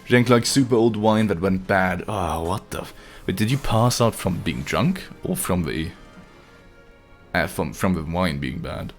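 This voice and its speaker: Joking low-voiced young male streamer. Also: animated, a little slow, soft background music. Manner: casual, joking, swears freely, laughs a lot. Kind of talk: live gameplay stream chatting with viewers.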